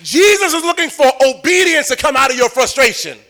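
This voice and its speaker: A man preaching a sermon, repeating phrases and building to shouted points. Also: very high voice, brisk. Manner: animated, repetitive, building to shouts.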